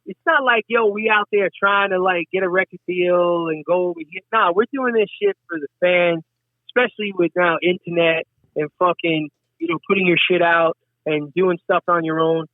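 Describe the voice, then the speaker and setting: A man's voice: high voice, moderate pace, dry recording. A middle-aged man telling stories in casual chat, swearing freely and acting out what others said. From Westchester, New York. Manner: profane, animated, acts out quotes. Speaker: guest, hip hop artist. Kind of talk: casual storytelling. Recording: dry tinny phone-like sound.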